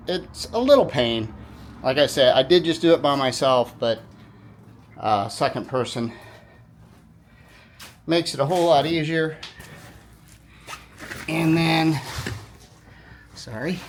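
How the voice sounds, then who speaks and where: A man giving a casual how-to walkthrough of a repair, talking informally with quick self-corrections and apologetic asides as he works. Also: medium pitch. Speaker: DIY repair video host.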